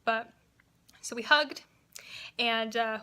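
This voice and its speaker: A woman's voice: on the high side, steady tone, takes it slowly, pushed and bright, clear, resonant tone. A woman vlogging casually, chatty and retelling conversations with plenty of "like" as filler. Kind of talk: casual vlog recap.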